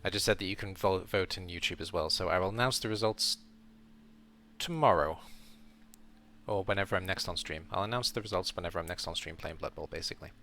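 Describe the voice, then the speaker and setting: A man's voice: low-pitched, a little fast, pushed and bright. A man streaming a casual round-up of his game league as host, rambling and correcting himself as he thinks aloud.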